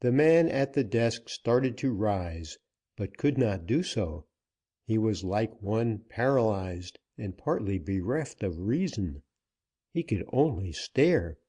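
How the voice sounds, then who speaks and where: A man reading a western novel aloud as an audiobook narrator, in a steady, unhurried way. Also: on the low side, breathy edge.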